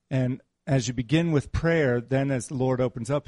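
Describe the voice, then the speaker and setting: Mellow-voiced man preaching conversationally. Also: medium pitch, moderate pace, hardly any pauses, no room sound, studio quality. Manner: conversational, teasing, repeats key phrases. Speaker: pastor. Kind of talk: sermon.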